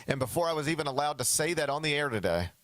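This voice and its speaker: A man's voice: a little high, very animated, very fast, fairly bright tone, no echo. A man hosting a sports talk show, talking casually and animatedly, often slipping into mock quotes of other people.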